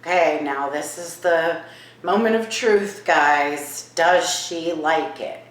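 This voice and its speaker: A woman vlogging in her home kitchen. She asks a spirit hushed questions and turns to viewers with excited asides. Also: sits low, slow pace, roomy sound, low-quality recording. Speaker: vlogger host. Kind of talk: casual paranormal vlog.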